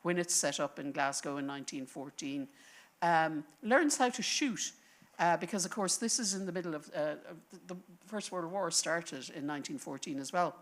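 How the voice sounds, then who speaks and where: A woman speaking on a panel, telling a history as a story in an animated, thinking-aloud way. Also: low voice, normal speed. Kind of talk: conversational panel talk. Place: lecture panel before an audience.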